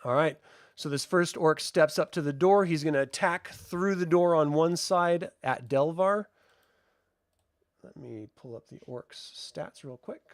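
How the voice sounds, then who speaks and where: Guy running a tabletop game, chatty, gravelly and bright, fairly high. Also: unhurried, no room sound, studio quality. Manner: casual, chatty narration. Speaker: game master.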